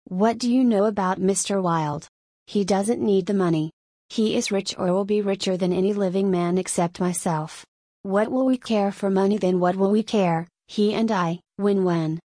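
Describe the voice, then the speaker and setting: A woman's voice: medium pitch, fairly even intonation, normal speed, mellow, dry recording, natural voice. An agitated man whose words come out vehement and insistent, as a woman audiobook reader puts him on. He sounds secretive and grandiose. The sound is dry and close, with no room around it. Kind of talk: audiobook reading.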